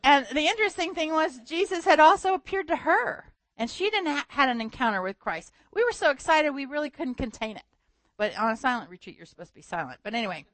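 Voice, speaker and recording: A woman preaching a sermon in a lively storytelling manner, often laughing. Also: sits high, fast talker, dry recording.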